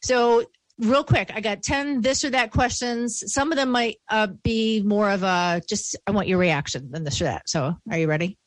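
A woman's voice: medium pitch, normal speed, dry recording. A woman with a Western New York accent hosting a podcast, chatting and joking casually with her guest. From Buffalo, New York. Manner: chatty and upbeat, running playful games. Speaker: podcast host. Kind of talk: casual conversational interview.

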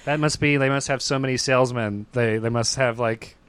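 A man co-hosting a podcast in casual chat, teasing his partner with quick interjections on a close mic. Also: mid-range voice, fairly even intonation, fairly bright tone, clean tone, no room sound. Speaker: podcast co-host.

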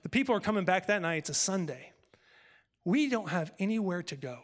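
A male pastor telling a personal story in a sermon, acting out conversations with lively shifts of voice. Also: high-pitched, a little fast, in a large hall. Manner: animated, acts out dialogue with God and his wife.

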